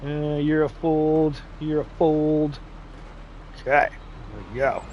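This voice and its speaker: A man's voice: fairly high pitch, slow pace, dull audio, a little hiss or hum. A man hosting a live farming-game stream, chatting casually with viewers and joking with his in-game workers. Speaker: livestream host. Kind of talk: casual live gameplay chat.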